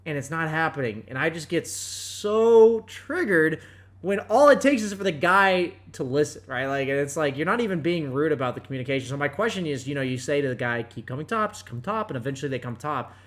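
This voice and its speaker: Man, podcast host, casual gaming chat, lively swinging pitch, fairly high voice, self-mocking. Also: brisk. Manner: animated, swearing, self-mocking storytelling.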